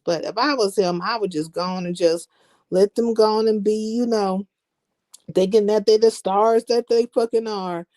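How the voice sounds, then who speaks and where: A woman's voice: mid-range voice, warm tone. A woman chatting on a live stream in blunt, slangy, profane trash talk. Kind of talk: casual chat.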